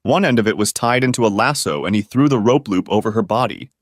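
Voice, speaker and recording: A man reading a story as scripted narration in a steady storybook voice. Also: fairly low pitch, fast, dry recording, studio quality.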